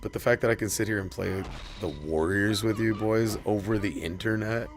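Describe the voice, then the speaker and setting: A man's voice: lowish voice, fairly even intonation, normal speed, a little hiss or hum. A man streaming a video game, chatting casually with viewers, profane and rambling but heartfelt. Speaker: gaming streamer. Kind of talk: casual stream chat while gaming.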